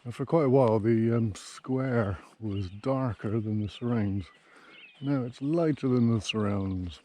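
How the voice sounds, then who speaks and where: A man's voice: mid-range voice, measured pace, mellow. A man working as a groundsman, giving dry, offhand vlog commentary while he mows, muttering to himself and swearing casually. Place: outdoors on a sports ground and in a tractor cab.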